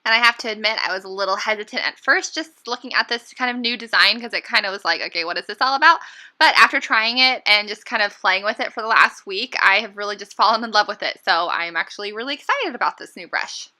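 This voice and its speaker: A woman beauty vlogger talks through her makeup routine in a casual, upbeat way. Her voice is very bright and sits at a middle pitch, and she chats along with plenty of fillers. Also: fast. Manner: upbeat and chatty, many fillers.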